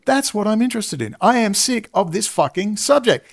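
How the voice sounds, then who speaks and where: A man with a gravelly voice delivers an angry, sweary monologue to his viewers. He sounds worn out, yet he keeps pushing, and his voice sits slightly high for a man. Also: sing-song, brisk, hardly any pauses. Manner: ranting, swearing. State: exhausted. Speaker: political commentator.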